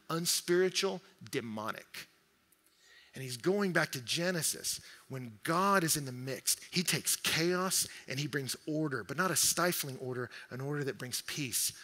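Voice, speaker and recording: A male pastor preaches with a very bright, forceful voice that sits a little high for a man. He delivers the sermon in an animated way, acting out quick quoted voices. His voice rings with the long reverb of a large church hall.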